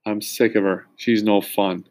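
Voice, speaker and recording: A man voicing an excitable, jealous little boy with a high, sing-song childish voice. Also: a little slow, lightly acted. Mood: demanding.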